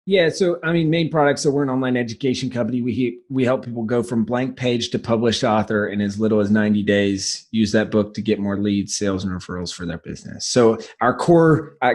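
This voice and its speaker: A man's voice: medium pitch, fairly even intonation, darkish tone. Enthusiastic man with a light Southern accent. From South Carolina. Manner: fast, enthusiastic storytelling with frequent restarts. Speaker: guest, business founder. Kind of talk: casual podcast interview.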